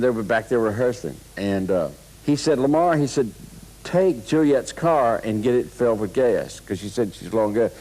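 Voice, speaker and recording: A man telling anecdotes in an interview, animated, laughing as he acts out what people said. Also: medium pitch, low-quality recording. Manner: animated, laughs while acting out quotes. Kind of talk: anecdotal storytelling.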